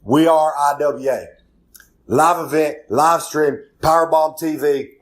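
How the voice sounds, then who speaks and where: Boastful drawling wrestler cutting a promo. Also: male voice, fairly high pitch, slow. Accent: Southern US. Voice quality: drawling, boastful, rambling catchphrases. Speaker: wrestler doing a promo segment.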